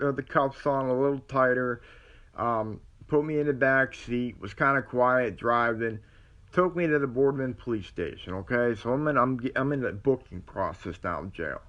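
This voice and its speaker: A man's voice: mid-range voice, a bit bright. A man, telling a personal story to camera in a rambling way, acting out what others said. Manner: rambling, with many restarts and quoted dialogue. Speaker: vlogger.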